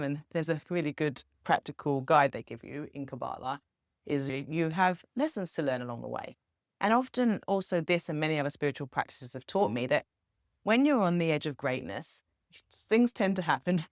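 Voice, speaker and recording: A woman's voice: low-pitched, expressive, fairly quick, no room sound, studio quality. A woman, talking casually and earnestly to camera as a spiritual vlogger. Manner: upbeat, earnest, chatty with small laughs. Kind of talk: casual reflective monologue.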